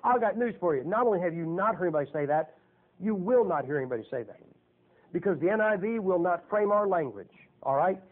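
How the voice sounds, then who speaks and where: A man's voice: high-pitched, animated, quick pace. A man preaching a sermon in a folksy, joking and emphatic way. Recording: tinny phone-like lo-fi recording.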